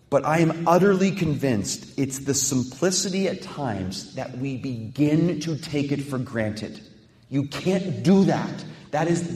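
A man preaching a sermon with passion, dropping to a hush and building to fired-up peaks, acting out quoted voices. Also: on the high side. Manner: quotes others in acted voices. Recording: echoey hall reverb.

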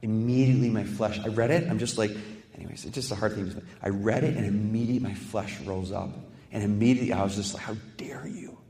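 A man's voice: fairly low pitch, steady tone, fast, warm tone. A male pastor preaching a sermon in a conversational way, with rhetorical questions and personal stories. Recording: echoey hall with long reverb.

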